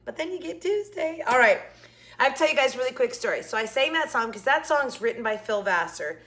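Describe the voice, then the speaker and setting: A woman's voice: high-pitched, expressive, quick pace, fairly bright tone. A woman hosting a craft vlog, telling a rambling story in a chatty way and sounding exhausted. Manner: rambling, talkative, many asides. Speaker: craft channel host.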